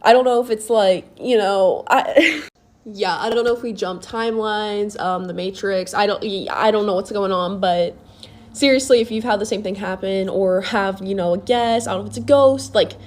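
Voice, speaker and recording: A woman's voice: medium pitch, moderate pace, a little mellow. A young woman telling a spooky story from her own life in a casual, chatty way, full of fillers and swearing.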